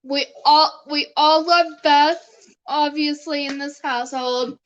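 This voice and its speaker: A high-pitched young woman chats loosely on her live stream, talking to her viewers and calling over her dog. She speaks at an unhurried pace and laughs often as she goes. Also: steady tone, lo-fi sound. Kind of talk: casual live-stream chat.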